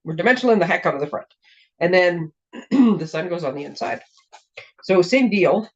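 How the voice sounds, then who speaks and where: Chatty hoarse woman demoing crafts. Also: on the low side, expressive, moderate pace. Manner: chatty, rambling, self-interrupting. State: slightly hoarse, clearing her throat. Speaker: craft demonstrator and show host. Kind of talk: casual card-making demo. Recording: dull lo-fi recording.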